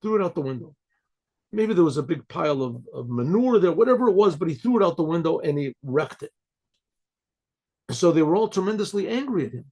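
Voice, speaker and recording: Gravelly older man telling a story. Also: on the high side, big pitch swings, a little fast, warm tone. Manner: frequent throat clearing, acts out quoted voices. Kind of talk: storytelling talk.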